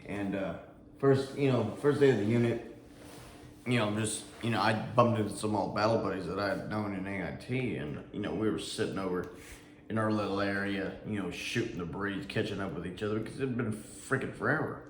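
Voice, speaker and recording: A man's voice: fairly low pitch, brisk, a little hiss or hum. A man who served in the Army, casually telling a personal story in a rambling way, with lots of fillers, restarts and some swearing. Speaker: Army veteran vlogger. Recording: echoey room with faint ambience.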